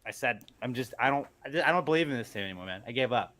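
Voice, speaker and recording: A man's voice: medium pitch, expressive, racing, a bit bright. A man co-hosting a podcast in casual chat, ranting and swearing in exasperation. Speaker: podcast co-host.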